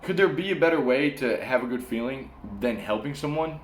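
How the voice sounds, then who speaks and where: A man vlogging advice and stories in a casual, slangy way, sweating in a warm room with the air conditioner off. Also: mid-range voice, fairly quick, echoey room, a little hiss or hum. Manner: animated storyteller, slangy, says "bro" and "man". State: sweating from the heat.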